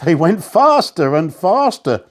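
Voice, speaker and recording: A man reading a funny children's story aloud as narrator, expressive and playful. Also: sits high, unhurried.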